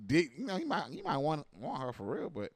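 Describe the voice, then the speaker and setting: A man giving casual reaction commentary, animated and profane, full of slang and repeated asides like "you know what I mean.". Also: on the high side, a little fast, breathy edge, no echo, clean studio sound.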